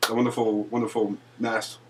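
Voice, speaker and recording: A man's voice: on the low side, little pitch movement, normal speed, background noise. A man co-hosting a casual chat show, agreeing a lot and repeating himself. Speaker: co-host. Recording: voice a bit distant from the mic.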